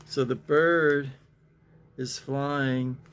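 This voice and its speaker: A man's voice: medium pitch, fairly even intonation, extremely slow, fairly bright tone, a little hiss or hum. A man hosting a casual talk, reading newspaper comics aloud, chuckling often and rambling with fillers. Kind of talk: casual chat.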